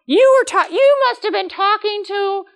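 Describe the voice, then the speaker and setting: A woman putting on the voice of an indignant churchgoer who is accusing her pastor, shrill and insistent. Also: animated, normal speed.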